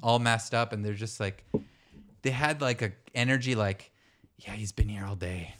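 A young adult man co-hosting a podcast, telling a story in a relaxed, casual way, laughing often and swearing freely. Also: fairly low pitch, normal speed, background noise. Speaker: podcast co-host. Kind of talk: casual chat.

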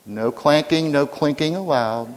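A man's voice: a little high, a little slow. An older man, a pastor, preaching a sermon with humorous storytelling and questions to the congregation. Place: church sanctuary. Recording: reverberant church hall.

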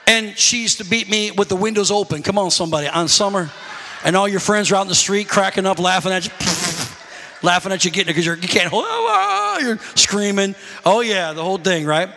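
A man's voice: high voice, lively intonation, fairly quick, vocal fry, pushed and bright, long reverb tail, a little hiss or hum. A man preaching a sermon, telling stories animatedly and calling out to his congregation. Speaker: pastor.

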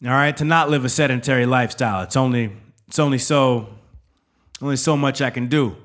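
A man's voice: mid-range voice, brisk, fairly bright tone. A man hosting a podcast, telling a casual, rambling story with lots of swearing and restarts, often checking in with "all right?". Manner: profane, rambling, with frequent restarts. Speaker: podcast host, military veteran.

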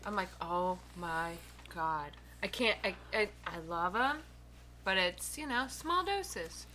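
A woman's voice: lowish voice, expressive, bright, forceful tone, slight background noise. A young woman from the US East Coast, co-hosting a podcast in casual chat, telling stories and laughing easily. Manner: storytelling, quick to laugh. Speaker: podcast co-host.

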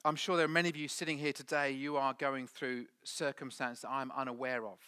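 A middle-aged man preaches a sermon, his voice bright and ringing. He builds to loud, emphatic lines, then drops to hushed, almost whispered words. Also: medium pitch, little pitch movement, fairly quick, clear, resonant tone, no room sound. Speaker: pastor.

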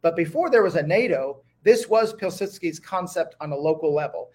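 A man's voice: on the high side, expressive, normal speed, darkish tone, husky. A man speaking as a guest historian in an interview, eager and talking in bursts with many restarts. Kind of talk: conversational interview.

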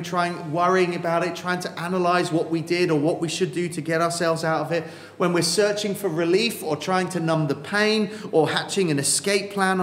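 A man preaching a sermon, earnest and emphatic, slowing down with dramatic pauses on key words. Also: a little high. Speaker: pastor. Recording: echoey hall with faint ambience.

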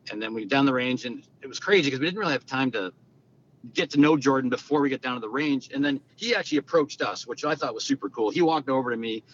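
A man, a guest telling stories in an animated, conversational way and acting out the quoted lines. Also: fast talker. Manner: animated, acts out quoted dialogue. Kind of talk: conversational storytelling. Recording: dull lo-fi sound with faint rumble.

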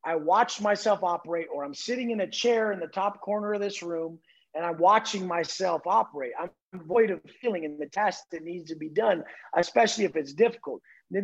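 A man speaks in a fairly high, husky voice, blunt and profane as he drives home his points. The recording sounds dull and lo-fi. He talks with relentless intensity. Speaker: podcast guest. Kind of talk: intense motivational talk.

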